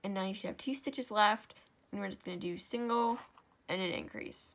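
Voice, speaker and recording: Speaking at normal speed in a mid-range voice, a young woman walks viewers through a craft project step by step. She's sleepy and yawning, chatty, and keeps apologizing and correcting herself.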